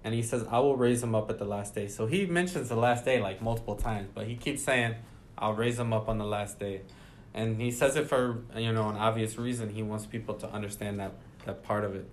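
A man with a voice on the low side hosts a laid-back Bible study, reading passages aloud and restating them in his own words. He speaks a little fast, and the recording carries a slight hiss or hum.

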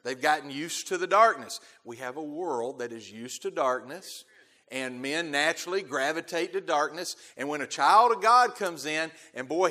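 A man preaching a sermon as pastor, emphatic, repeating key phrases and swelling loud on key words before dropping to quiet asides. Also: a little high. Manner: emphatic, repeats key phrases, quotes scripture in King James wording.

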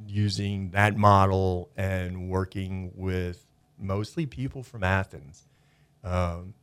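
Chatty man with a low voice. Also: fairly even intonation, takes it slowly, clean tone, no echo. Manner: enthusiastic, rambling, many fillers. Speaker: studio guest, media company owner. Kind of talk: casual radio chat. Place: radio studio.

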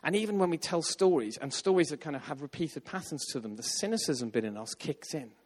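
A man telling a story in a sermon, lively and acting out the voices of the people in it. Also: on the high side, brisk. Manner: animated, acts out quoted voices. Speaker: preacher. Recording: long hall reverb.

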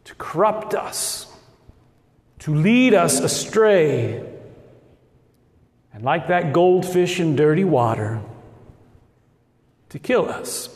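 A Midwestern man from Nebraska, with a slight North Dakota tinge, preaching a sermon as pastor in slow, deliberate phrases with dramatic pauses. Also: a little high, expressive, darkish tone. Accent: Midwestern with a trace of North Dakota. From Nebraska, USA. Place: church sanctuary. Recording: echoey church hall.

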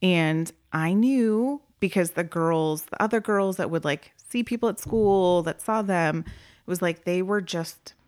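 Low-voiced woman telling a heavy story. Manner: emotional storytelling, soft and slow at heavy moments. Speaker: former group home worker. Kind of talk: casual podcast conversation.

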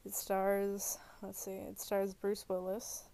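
Gravelly-voiced woman rambling about movies. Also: medium pitch, monotone, slow, dark tone. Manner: rambling, full of fillers and restarts. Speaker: movie reviewer. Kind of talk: rambling casual chat. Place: alone in her bedroom.

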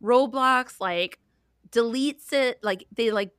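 A woman's voice: on the high side, slow, a bit bright, smooth, no echo, clean studio sound. A woman in her thirties, a podcast co-host, chatting casually with lots of fillers and wry jokes. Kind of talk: casual chat.

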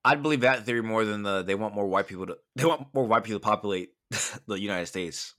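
Bright-toned profane young man chatting. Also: fairly low pitch, fast talker. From Southern California. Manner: loose, profane, animated storytelling. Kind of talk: casual chat.

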